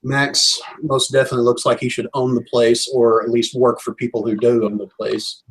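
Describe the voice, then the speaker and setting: A man narrating as game master of a tabletop role-playing game, describing scenes in a measured, descriptive way. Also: mid-range voice, little pitch movement, husky, rough recording.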